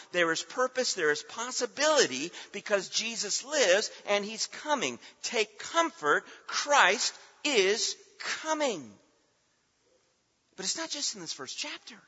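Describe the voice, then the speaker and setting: A man delivers a sermon with a high, ringing, bright voice. His phrases build through rhythmic repetition and then drop back. The sound is dull and lingers in a reverberant sanctuary. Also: very animated, measured pace, slightly rough. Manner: emphatic, rhythmic repetition with swelling and dropping delivery. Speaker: preacher. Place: church sanctuary.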